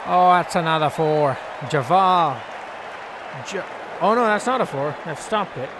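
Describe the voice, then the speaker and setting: Excitable man narrating his cricket game. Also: on the high side, measured pace, a crowd in the background, background noise. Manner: excitable, jokey, scolds the game's players aloud. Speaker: gaming channel host. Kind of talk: casual gameplay commentary.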